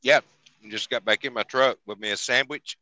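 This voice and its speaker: A man's voice: medium pitch, fairly even intonation, fairly quick, bright, forceful tone, no room sound. A man, a truck driver calling in, laid-back and chewing as he talks. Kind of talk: casual chat.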